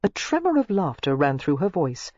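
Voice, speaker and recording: An audiobook narrator reading a novel aloud in an expressive, scripted style. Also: normal speed, no room sound. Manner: expressive, shifting pitch through the narration. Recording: dull lo-fi dry recording.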